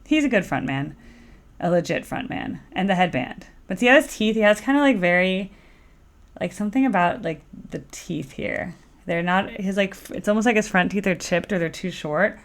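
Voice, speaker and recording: A woman talks her way through a music reaction video in a loose, rambling chat. She is full of fillers and playful asides, and her voice sits at an ordinary middle pitch for a woman. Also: expressive, normal speed. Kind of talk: casual chat.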